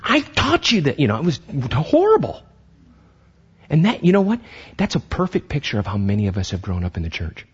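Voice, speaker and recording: A man preaching a sermon as pastor, animated, acting out voices and often restarting his sentences. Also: medium pitch, brisk, husky, lo-fi sound.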